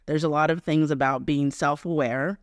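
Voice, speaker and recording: Male interview host, fairly high smooth voice, dry close sound, halting questions. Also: steady tone, no echo. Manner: halting, many fillers and restarts.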